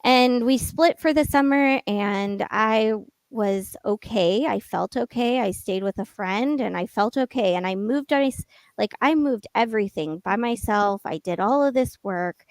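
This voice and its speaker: A woman's voice: fairly high pitch, a little slow, dry recording. A woman guest on a podcast, candidly telling a personal story and acting out what was said. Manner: candid, storytelling, quotes people in dialogue.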